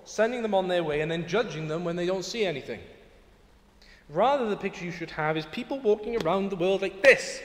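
A man preaching a sermon in a church, earnest and emphatic, often rising to exclamations. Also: high-pitched. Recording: echoey hall with long reverb.

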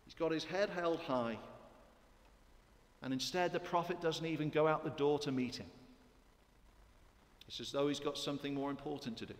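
Male preacher, emphatic, keeps asking the congregation questions; slightly high voice with long church reverb. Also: moderate pace, long pauses. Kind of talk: sermon.

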